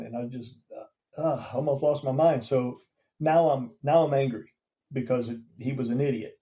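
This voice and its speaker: Guy in his 50s, podcast guest telling a story, mellow voice, regular pitch. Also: fairly even intonation, normal speed, low-quality recording. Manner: recounts events plainly, acting out quoted dialogue. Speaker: guest, veteran and former police officer.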